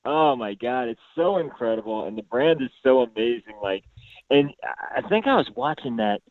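A man's voice: mid-range voice, expressive, normal speed, dry recording, phone-quality sound. A man guest on a podcast, chatting enthusiastically with lots of fillers. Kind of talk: casual chat.

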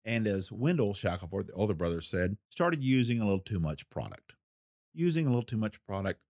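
A man's voice: on the low side, very animated, darkish tone, no room sound, studio quality. Older man spinning a folksy true-crime tale. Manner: folksy, unhurried storyteller with a wry laugh. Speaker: retired federal investigator recounting a case. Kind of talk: storytelling interview.

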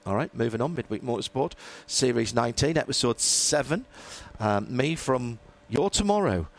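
A man's voice: medium pitch, lively intonation, moderate pace, creaky. A man hosting a motorsport radio podcast in casual chat, rambling through his points with fillers and restarts. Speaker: host.

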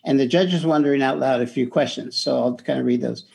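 Gravelly-voiced man chatting about books. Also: mid-range voice, fast, a little mellow. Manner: chatty, loose and conversational, with many restarts. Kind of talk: casual book discussion.

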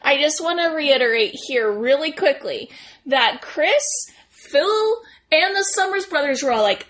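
A woman co-hosting a casual movie podcast, opinionated and emphatic, with halting restarts. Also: sits high, lively intonation, a bit bright. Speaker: podcast co-host.

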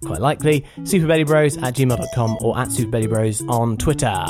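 A man's voice: mid-range voice, steady tone, fairly quick, over music. A man co-hosting a podcast in casual chat, jokey and self-deprecating. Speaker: podcast co-host.

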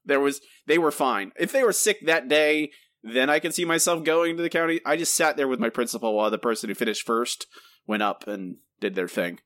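A man co-hosts a podcast in easy, chatty talk and laughs often. His voice is mid-pitched and recorded dry and close, with no room sound. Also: brisk, a bit bright, no echo. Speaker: podcast co-host. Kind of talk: casual chat.

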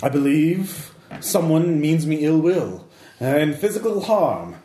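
A man's voice: fairly high pitch, expressive, slow, reverberant, background noise. A man voicing a posh, imperious noblewoman with a plummy, dramatic manner. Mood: suspicious.

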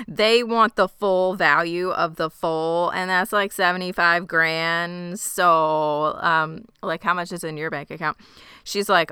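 A woman's voice: fairly low pitch, a little slow, clean tone, dry recording, clean studio sound. A young woman co-hosting a casual chat, recapping a story and acting out characters' lines with lots of laughter. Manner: animated, acts out characters' lines, laughs often. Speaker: podcast co-host recapping a game.

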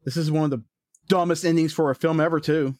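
A man's voice: on the high side, fairly even intonation, quick pace, a little mellow, dry recording, studio quality. A man co-hosting a casual movie review podcast, joking and now and then bursting into silly voices. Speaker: podcast co-host.

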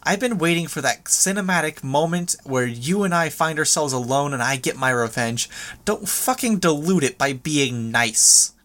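A man's voice: a little high, expressive, moderate pace, a bit bright. A man doing a brash, foul-mouthed young woman. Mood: mocking.

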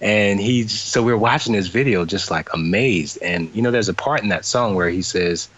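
Deep-voiced man telling a story over a call. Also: moderate pace, muffled recording. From New Orleans. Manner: animated retelling with quoted voices and laughter. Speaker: guest. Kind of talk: storytelling interview. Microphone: remote call, cutting out.

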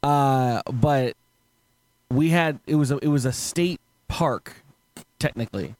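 A man's voice: mid-range voice, slow, a little mellow, dry recording. A man hosting a podcast, telling stories in casual chat, rambling, swearing and laughing often. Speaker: podcast host.

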